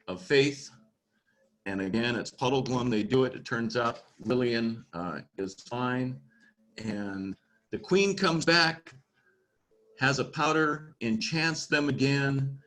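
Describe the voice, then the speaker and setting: A man's voice: mid-range voice, fairly bright tone, poor audio. Man casually teaching about a book. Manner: informal, explains as he goes, with fillers. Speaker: church teacher.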